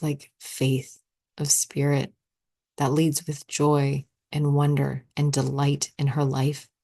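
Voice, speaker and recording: Low-voiced chatty woman podcast host. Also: gravelly. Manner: chatty, animated, acts out her own thoughts in quotes. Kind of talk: solo podcast monologue.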